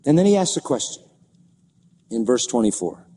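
A man's voice: medium pitch, big pitch swings, normal speed, dark tone, long reverb tail, a little hiss or hum. A man preaching a sermon, explaining scripture verse by verse and reading passages with rising passion.

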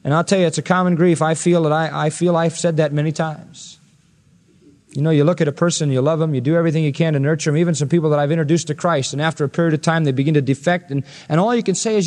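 A man's voice: a little high, steady tone, quick pace, darkish tone, long reverb tail. A male pastor preaching an expository sermon, earnest and rising to emphatic peaks when quoting scripture.

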